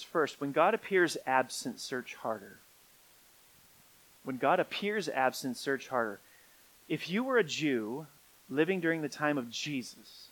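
A middle-aged man preaching a sermon, swinging from quiet, low stretches up to emphatic peaks. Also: rough recording. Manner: rising to emphatic peaks, then dropping quiet. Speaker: pastor.

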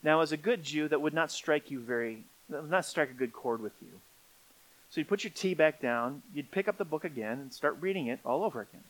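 A middle-aged man preaching a sermon, swinging from quiet, low stretches up to emphatic peaks. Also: brisk, low-quality recording. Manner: rising to emphatic peaks, then dropping quiet. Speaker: pastor.

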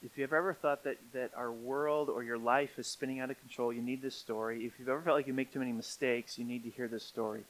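A middle-aged man preaching a sermon, swinging from quiet, low stretches up to emphatic peaks. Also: steady tone, quick pace, few pauses, slight background noise, poor audio. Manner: rising to emphatic peaks, then dropping quiet. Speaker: pastor.

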